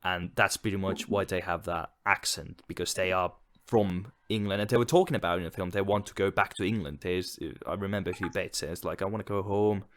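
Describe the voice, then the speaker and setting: Deadpan Finnish man with a low voice. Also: fairly quick, hardly any pauses. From Finland. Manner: deadpan joking. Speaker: podcast co-host. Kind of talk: casual chat.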